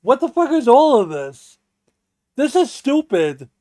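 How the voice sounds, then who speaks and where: A man's voice: extremely high pitch, big pitch swings, a little slow, mellow, no echo, studio quality, voice pushed up, exaggerated voice. A man mimicking an exasperated man who curses in disbelief at everything around him. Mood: annoyed. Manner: cursing, incredulous.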